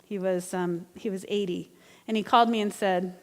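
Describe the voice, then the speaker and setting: A woman's voice: mid-range voice, fairly even intonation, moderate pace, big-room sound. A woman minister delivering an earnest, conversational sermon with personal storytelling. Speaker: guest minister. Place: church sanctuary.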